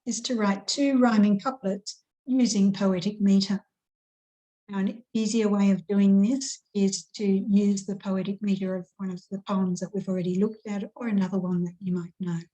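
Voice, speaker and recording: In an online grammar lesson for schoolchildren, a woman with a warm, mid-range voice teaches patiently and at a measured pace, slowly stressing syllables as she recites. The recording quality is rough.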